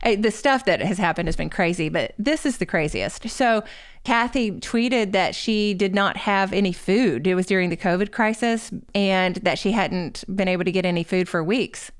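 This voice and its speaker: A woman's voice: mid-range voice, moderate pace. A woman in her forties, a guest author telling a personal story in a candid, self-deprecating way on a podcast interview. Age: 40s.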